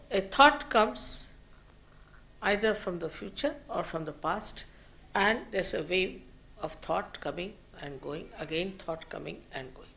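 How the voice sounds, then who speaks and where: Gravelly-voiced woman giving a spiritual lecture. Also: medium pitch. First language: Marathi. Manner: slow, measured teaching with soft trailing phrase ends. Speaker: spiritual teacher. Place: lecture hall at a public program.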